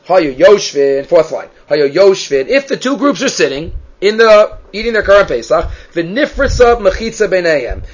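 Male Talmud teacher with a high pitch, recorded on dull, lo-fi audio. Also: very animated, moderate pace, hardly any pauses. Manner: reads Hebrew and Aramaic phrases, then translates them. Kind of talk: explaining a Talmud text. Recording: muffled lo-fi recording.

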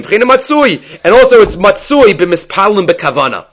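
Man, Talmud teacher, somewhat high voice, animated and questioning. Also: normal speed, hardly any pauses. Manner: animated, rhetorical questions, mixes Hebrew terms. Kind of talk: daily Talmud class.

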